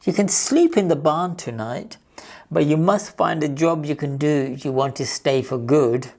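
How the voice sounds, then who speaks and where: A woman's voice: low-pitched, moderate pace, a little mellow. A woman playing a cross, bossy farm duck. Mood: brisk. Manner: snappy, cross, sighing. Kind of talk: children's storybook reading.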